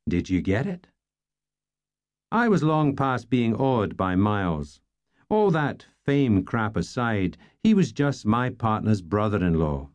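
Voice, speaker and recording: A man's voice: on the low side, a little mellow, lo-fi sound. A man narrating a first-person novel in a dry, wry storytelling manner. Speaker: audiobook narrator.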